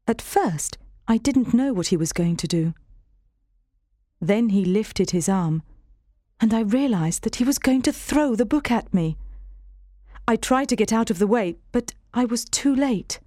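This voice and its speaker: A woman reading a storybook aloud in a steady, clear first-person voice. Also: fairly high pitch, unhurried, no room sound, studio quality. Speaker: narrator. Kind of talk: scripted storybook narration.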